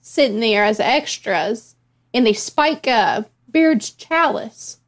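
A woman's voice: on the high side, lively intonation, takes it slowly. A woman co-hosting a casual chat, jumping in with details and laughing often. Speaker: podcast co-host. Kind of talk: casual chat about a film.

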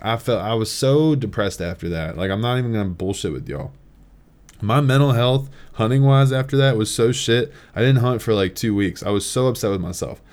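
A young man hosting a podcast and telling a story in a casual, animated way, swearing and laughing as he talks. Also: medium pitch, fairly quick. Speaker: podcast host.

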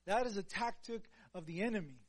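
A man preaching a sermon in an earnest voice, dropping to a hush and then rising to louder, emphatic lines. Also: high-pitched, expressive, fairly quick, breathy edge. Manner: earnest, swings between soft hushed passages and louder emphatic ones.

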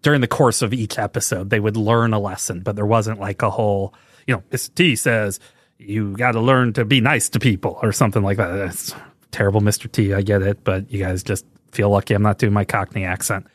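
A man's voice: lowish voice, fairly even intonation, brisk, dry recording, clean studio sound. A man hosting a podcast, ranting sarcastically and laughing with exasperation. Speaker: podcast host. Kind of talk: casual comedic commentary.

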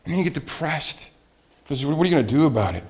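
A man preaching a sermon as a pastor, animated, with rhetorical questions and swings from loud emphasis to quiet asides. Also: a little high, fast.

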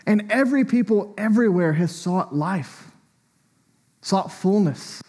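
A man's voice: sits high, lively intonation, measured pace, warm tone. A man preaching a sermon in a church, talking in a conversational, reflective way with small asides and fillers.

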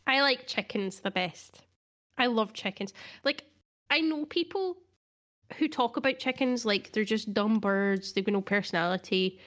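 A woman's voice: mid-range voice, a little slow, a bit bright. A woman co-hosting a casual podcast chat, talking earnestly and laughing often. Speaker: podcast co-host.

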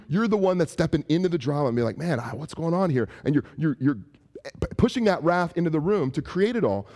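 A man preaching a conversational sermon, acting out quoted voices and putting questions to his listeners, with frequent restarts. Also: on the high side. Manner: animated, acts out quoted voices and asks the audience questions; frequent restarts and casual fillers. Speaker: pastor.

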